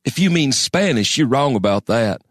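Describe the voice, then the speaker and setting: A man's voice: mid-range voice, lively intonation, moderate pace, a bit bright, no room sound, studio quality, voice pushed up. A man voicing a wiry, prickly gold prospector who sputters indignantly.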